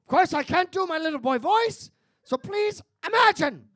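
A man performing a comedy audition sketch, frantic, shouty and over-apologetic. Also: extremely high pitch, lively intonation, moderate pace, dry recording, studio quality.

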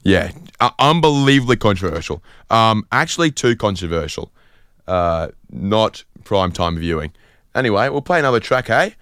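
A man from Sydney hosting a radio show, telling a rambling story in a deadpan style full of fillers. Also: lowish voice, normal speed, clean tone. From Sydney, Australia. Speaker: radio host. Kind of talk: comedic casual radio chat.

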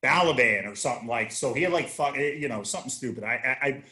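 A man's voice: medium pitch, expressive, fast talker, bright, forceful tone. A man in his thirties, a guest on a casual chat show, telling rambling, profane stories with many restarts. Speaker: podcast guest, army veteran.

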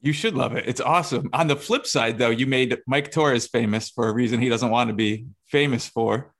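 A man's voice: medium pitch, normal speed, a bit bright. A man interviewing a guest, asking questions in a loose conversational way.

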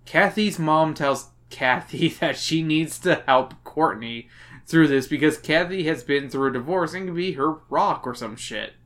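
A man's voice: on the high side, a little slow, fairly bright tone. A drunk man hosting a podcast, recapping a book with sarcastic, giggly asides. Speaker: podcast host.

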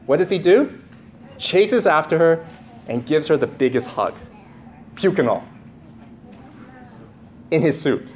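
A man's voice: on the high side, slight background noise. A man preaching a sermon, reading scripture aloud in a raised voice and breaking off into casual, joking asides to the congregation. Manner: animated, rising to read scripture, conversational asides. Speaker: pastor.

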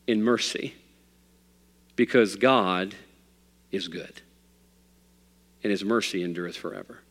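A male pastor preaching a sermon, telling a story and swinging from loud, emphatic lines to quiet ones. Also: lowish voice, takes it slowly, long pauses, in a large hall.

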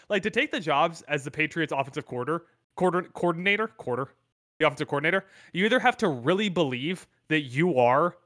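A man's voice: on the high side, no room sound, clean studio sound. A man co-hosting a sports podcast, chatting casually and teasing with jokes. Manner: animated, joking, teasing. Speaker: podcast co-host.

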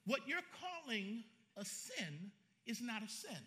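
A man preaching a sermon as pastor, animated and colloquial, joking with his congregation. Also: very high-pitched, takes it slowly, slight background noise.

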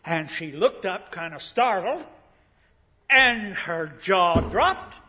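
A man's voice: high-pitched, expressive, slow pace, pushed and bright. An older man giving a guest sermon, telling a story in a folksy way with frequent fillers and restarts, in a church sanctuary. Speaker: guest preacher.

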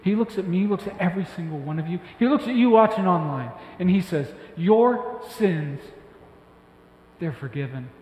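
A man preaching a sermon as pastor, talking emphatically with excited bursts that drop back to a soft voice. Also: sits high, fast, hardly any pauses. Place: church hall. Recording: echoey hall with faint ambience.

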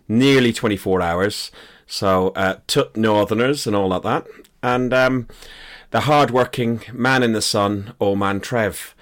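A man with an Irish accent hosting a casual chat podcast, tired and rambling, joking about himself. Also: on the low side. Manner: joking, rambling, self-mocking. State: tired after a long drive and a late night. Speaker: podcast host.

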